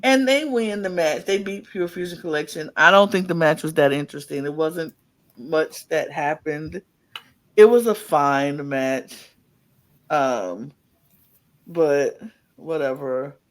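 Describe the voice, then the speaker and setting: A man co-hosting a podcast, recapping wrestling in casual chat with rambling, playfully sarcastic storytelling. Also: a little high. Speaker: podcast co-host.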